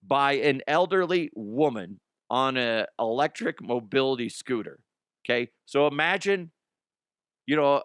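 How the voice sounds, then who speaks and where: A man's voice: medium pitch, a bit bright, clear, resonant tone, no room sound, clean studio sound. A man hosting a comedic news show, talking in a rambling, profane way with frequent laughter. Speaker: podcast host.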